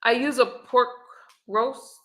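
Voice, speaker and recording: A middle-aged woman hosting a casual livestream, chatting in a relaxed way and reading viewer comments and recipes aloud. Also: on the high side, slow pace, a little hiss or hum. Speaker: livestream host. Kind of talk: casual live-stream chat. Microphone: webcam or phone on camera.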